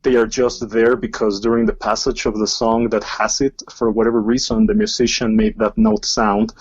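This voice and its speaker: A man's voice: mid-range voice, expressive, normal speed, creaky, breathy edge. A man co-hosting a music podcast, speaking in an easygoing, hesitant way with many fillers. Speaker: podcast co-host. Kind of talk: casual music discussion. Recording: muffled lo-fi mic.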